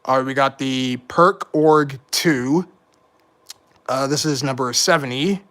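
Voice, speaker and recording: Slow and forceful, this man's mid-range voice has a bright tone. As host of a casual livestream, he rambles through live commentary, correcting himself with some mild frustration.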